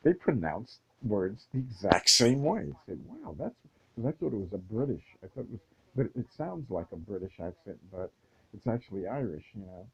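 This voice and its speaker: A man with a fairly low voice thinks out loud in a loose solo monologue. He stumbles through restarts and fillers and now and then chuckles to himself. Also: animated, fairly quick, breathy edge, dull audio. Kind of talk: rambling casual monologue.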